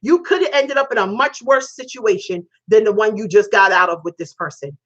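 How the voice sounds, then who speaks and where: A woman's voice: medium pitch, brisk, fairly bright tone. A middle-aged woman giving a blunt, profane, preachy tarot reading as a casual monologue. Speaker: tarot reader. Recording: dull lo-fi sound.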